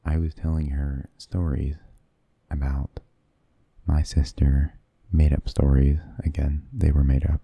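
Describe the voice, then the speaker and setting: A man telling rambling stories in a soft-spoken ASMR style, hesitant and often slipping into whispers close to the mic. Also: a bass voice, level tone, a little slow, vocal fry, husky, no echo. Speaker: ASMR creator.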